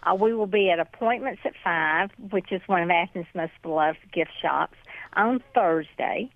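A chatty woman with a Southern Georgia drawl talks warmly as an interview guest, laughing easily between answers. Her voice comes through thin and phone-like, with a dry sound and no room around it. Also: fairly low pitch, normal speed, no echo. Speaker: author and guest. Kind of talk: morning show interview.

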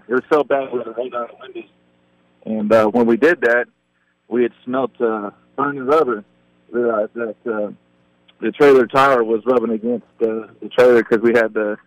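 A man on a radio show telling an anecdote in a rambling way, with many pauses. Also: medium pitch, dry recording, poor audio.

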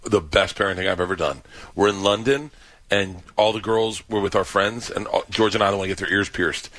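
A man guesting as a comedian on a radio show, telling quick, emotional anecdotes. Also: on the low side, fairly even intonation, fairly bright tone, no echo. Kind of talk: casual studio banter.

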